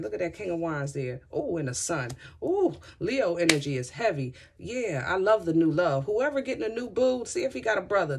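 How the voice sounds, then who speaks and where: A woman's voice: on the low side, sing-song, normal speed, creaky, few pauses, a little hiss or hum. A woman giving a casual tarot reading to her viewers, chatty and effusive, rambling through asides and talking straight to her listeners. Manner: addresses listeners directly and often. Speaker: tarot reader.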